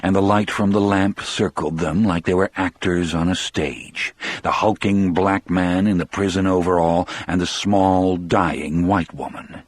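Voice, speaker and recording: A man narrating an audiobook in a measured, grave storytelling manner. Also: deep voice, steady tone, no echo. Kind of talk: scripted narration.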